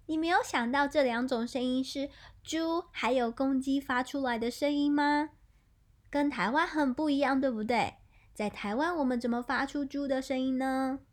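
A woman teacher, telling a story to children in a playful, animated way with animal sounds. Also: high voice, moderate pace. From Taiwan. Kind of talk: bilingual storytelling lesson for children.

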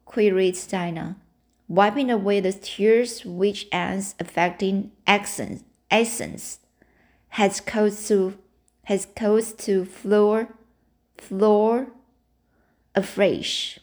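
A woman reads a novel aloud at an unhurried, careful pace. She halts often, repeating and restarting words she trips over. Her pitch sits in an ordinary middle range. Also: fairly even intonation, a little mellow. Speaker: reader.

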